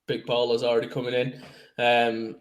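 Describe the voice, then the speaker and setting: A man's voice: mid-range voice, monotone, moderate pace, rough recording. A man hosting a casual podcast, joking around, laughing often and swearing freely. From Manchester. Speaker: podcast host. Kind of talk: casual banter.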